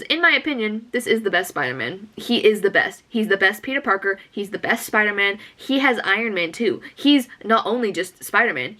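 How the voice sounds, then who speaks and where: A young woman doing film reaction commentary in an excitable, gushing, chatty way. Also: mid-range voice. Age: young adult. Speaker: movie reaction YouTuber.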